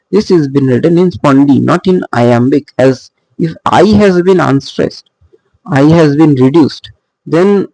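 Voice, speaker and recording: A male literature teacher with a gravelly, somewhat high voice, talking slowly and thinking aloud between points. He is recorded close up in a dry space with no room sound. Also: darkish tone, dry recording, poor audio. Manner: slow, halting explanation with frequent fillers and restarts. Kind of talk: recorded lecture on poetic meter.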